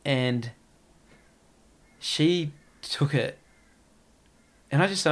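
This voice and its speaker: A man talks in a loose, meandering way, leaning on "like" as he goes. His voice is gravelly with a creaky edge, sitting at an ordinary middle pitch. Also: takes it slowly, pauses often. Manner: rambling, heavy use of "like". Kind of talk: casual podcast chat.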